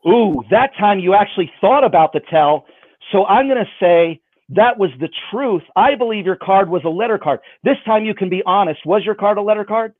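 A man's voice: sits high, a little fast, no echo. A man performing magic for someone over a video call, with playful, self-mocking patter. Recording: dry, phone-like band.

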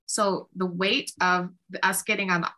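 A woman with a bright, forceful voice tells her story in a relaxed interview. She talks casually and animatedly, slipping into quoted exchanges with lots of "like" along the way. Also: medium pitch, a little slow. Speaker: songwriter and producer guest.

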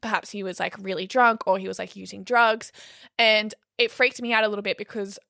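A young woman, co-hosting a podcast and telling a story in a casual, animated way, swearing freely and saying "like" a lot. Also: medium pitch, brisk, vocal fry, no echo, clean studio sound. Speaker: podcast co-host.

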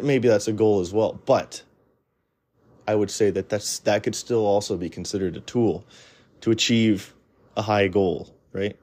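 Dude ranting casually, lowish voice, mellow, lots of you know and restarts. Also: male voice. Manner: blunt, rambling, frequent restarts and "you know" fillers. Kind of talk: casual opinionated monologue.

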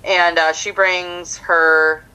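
A woman's voice: on the low side, very slow, clear, resonant tone, poor audio. A young woman from the United States, a comedian, telling a story in casual podcast chat and acting out the people in it. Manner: animated, acts out the people in her story. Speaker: comedian guest.

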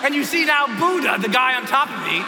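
Expressive male speaker on stage, high and very lively, telling stories with drama; roomy live hall sound. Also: a little fast, gravelly, crowd noise. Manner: expressive, dramatic, acts out scenes with screams. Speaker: motivational speaker. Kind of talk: animated storytelling talk. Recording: echoey hall with ambient noise.

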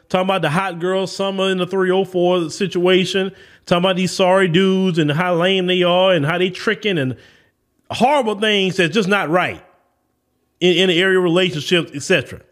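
Man, Southern US accent, high-pitched, preachy, emphatic, podcast commentary. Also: steady tone, a little fast, fairly bright tone. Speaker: podcast host.

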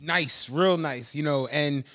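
A man's voice: fairly high pitch, slow pace, fairly bright tone. A man co-hosting a podcast, telling a long story in casual chat, laughing often and acting out the voices of people he quotes. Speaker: podcast co-host.

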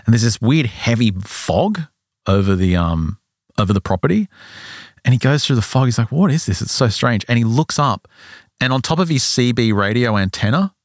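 A man's voice: mid-range voice, no echo, clean studio sound. A man co-hosting a podcast, retelling a story in casual chat and acting out short quotes. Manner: animated retelling with quick acted quotes. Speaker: podcast co-host telling a story.

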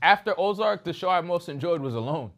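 A man co-hosting a casual group chat, laid-back and measured. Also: on the high side, lively intonation, a bit bright.

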